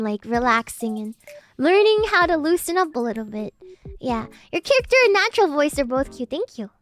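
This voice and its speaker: Giggly and high-voiced, this woman streamer talks casually with her live chat, reading messages aloud and thanking viewers. She describes her English as posh and slightly uppity-sounding, and her voice, once very nasal, has since loosened.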